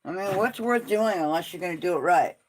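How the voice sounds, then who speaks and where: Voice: medium pitch, brisk, a little hiss or hum, rough recording. Blunt, opinionated livestream host. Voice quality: opinionated, blunt, swears freely. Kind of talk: casual livestream chat.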